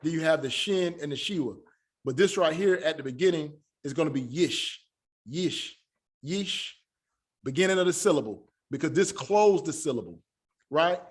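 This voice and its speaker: A man teaching a Hebrew class, speaking patiently and repeating words slowly for his students. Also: fairly high pitch, animated. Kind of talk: classroom lesson.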